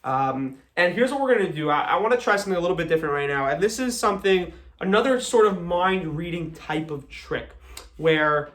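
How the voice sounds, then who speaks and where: American male magician, young, slightly high voice, jokey and chatty patter. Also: lively intonation, a little fast, a bit bright. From United States. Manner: chatty, joking, self-deprecating. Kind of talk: live magic show patter.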